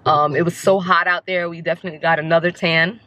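A woman vlogging her family outing in a chatty, blunt, casual way, a little hoarse from screaming. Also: fairly low pitch, fast talker. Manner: chatty, blunt, excitable coaching. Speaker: vlogger, mother. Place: outdoor skating rink, then car. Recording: music playing behind. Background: loud music.

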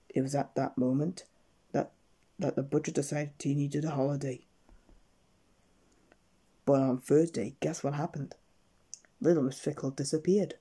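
A man gently reading a children's bedtime story aloud at an unhurried pace. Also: fairly high pitch, level tone, slightly rough.

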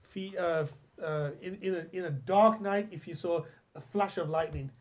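A young man teaches a religious class in a loose, chatty way, often restarting his sentences and telling stories. His voice sits a little higher than most men's. He mixes in recited Arabic lines. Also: moderate pace. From England. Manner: storytelling, chatty, many restarts, quotes Arabic. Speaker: Islamic teacher. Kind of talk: classroom lesson on hadith.

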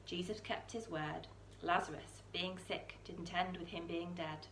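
Female storyteller reading a children's book aloud, expressive, low-pitched, roomy church with faint hiss. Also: a little slow. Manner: expressive, with soaring questions and hushed lines.

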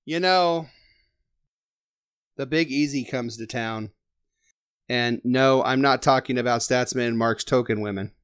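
A man's voice: mid-range voice, unhurried, pauses often, fairly bright tone, clean tone, dry recording, clean studio sound. A man hosting a casual sports fan podcast, joking and teasing as he talks. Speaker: podcast host.

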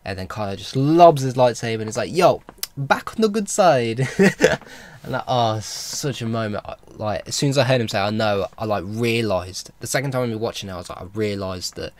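Rambling, enthusiastic man with a lowish voice. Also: fast, few pauses. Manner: rambling, with many fillers and restarts; enthusiastic fan talk. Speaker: vlogger. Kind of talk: casual film recap.

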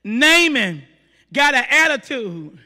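Man preaching, very high voice, slow delivery, emphatic, long church hall reverb. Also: big pitch swings. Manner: emphatic, rhetorical questions, rising to shouts. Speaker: pastor. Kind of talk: sermon. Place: church sanctuary.

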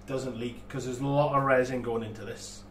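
A man's voice: medium pitch, steady tone, brisk, distant mic. A man hosting a live model-making stream, chatting casually and laughing a lot, with many restarts and fillers. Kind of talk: casual livestream chat. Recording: echoey room, voice from off the mic, faint room noise.

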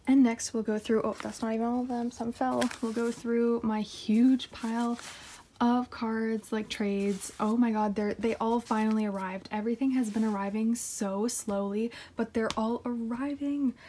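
A woman's voice: on the high side, moderate pace, a little hiss or hum. A young woman in casual chat, unboxing her K-pop haul on her floor at home and gushing, sometimes dropping to a whisper. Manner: gushing, excitable, drops to whispers. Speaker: K-pop collector vlogger.

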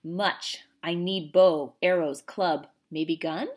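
A woman's voice: fairly low pitch, slow, breathy edge. A woman voicing a small, proud male warrior who speaks in clipped, broken phrases. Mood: urgent.

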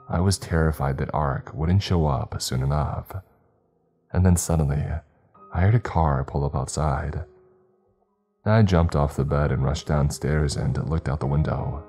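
A man narrating a scripted horror story in a steady, measured reading. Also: very deep voice, breathy edge. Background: faint music.

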